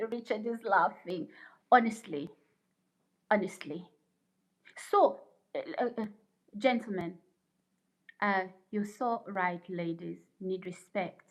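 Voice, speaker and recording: A woman's voice: medium pitch, lively intonation, takes it slowly, long pauses, poor audio. A woman hosting a casual livestream, reading viewer comments aloud and lecturing in an indignant, preachy way. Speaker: livestream host.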